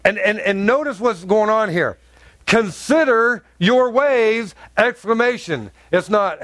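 A man's voice: sits high, animated, a little slow, fairly bright tone, dry recording. A male pastor preaching an emphatic sermon, acting out voices in his examples. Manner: emphatic preaching with acted-out dialogue.

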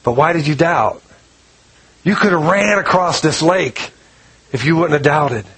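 Jesus, mild scolding teacher, lowered voice, read by a male preacher. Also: animated, measured pace, husky, full character voice, low-quality recording. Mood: gentle. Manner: gentle chiding.

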